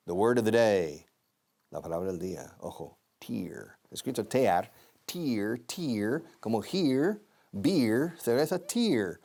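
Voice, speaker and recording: A man's voice: lowish voice, sing-song, normal speed, a little mellow. A man hosting a TV English lesson, repeating phrases over and over and switching to Spanish to explain. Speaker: English teacher and host. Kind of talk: TV language lesson.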